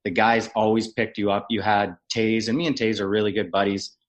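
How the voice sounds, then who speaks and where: A Canadian former hockey player in his thirties tells stories on a podcast, swearing freely. His voice is on the low side and brisk. He's an animated storyteller who imitates yelling coaches.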